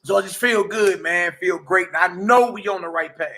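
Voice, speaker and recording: A man in his forties giving a casual, preachy testimony as a livestream host, slangy and animated, often asking "you dig?". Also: sits high, moderate pace. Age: 40s.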